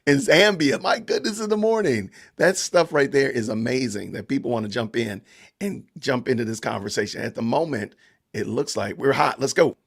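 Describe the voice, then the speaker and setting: A man's voice: medium pitch, lively intonation, normal speed, gravelly, husky. A man with a Southern Georgia accent hosting a casual livestream podcast, chatting loosely with viewers and greeting the chat. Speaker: podcast host.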